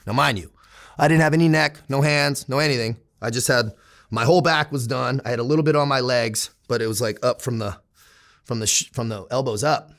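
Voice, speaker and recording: Man, 30s, gravelly, swears freely, laughs through his war stories, casual interview guest. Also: medium pitch, fairly quick, fairly bright tone. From San Diego, United States. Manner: profane, candid, laughs while telling. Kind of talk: casual storytelling.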